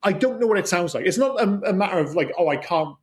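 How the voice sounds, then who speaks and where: A fast, husky-voiced man co-hosting a podcast in easy conversation. His voice sits a little high for a man and tumbles out quickly. He swears casually and keeps the talk animated. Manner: swears freely, animated and chatty. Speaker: podcast co-host. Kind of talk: casual chat.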